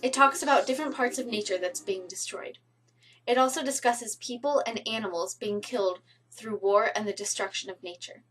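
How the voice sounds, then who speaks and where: A woman reads a prepared school presentation in a steady, careful manner, stopping now and then to fix a word. Her voice sits a little high and comes from some distance off the microphone. Soft music plays faintly behind her. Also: brisk. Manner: steady, careful reading with brief self-corrections. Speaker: student presenting a song analysis. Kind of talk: reading aloud a school presentation.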